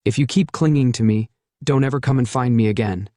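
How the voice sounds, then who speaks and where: A man's voice: medium pitch, a little fast, no echo, clean studio sound, close to an everyday voice. A man voicing an arrogant, venomous young woman who speaks with scorn. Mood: scornful, furious. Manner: scornful, shouting.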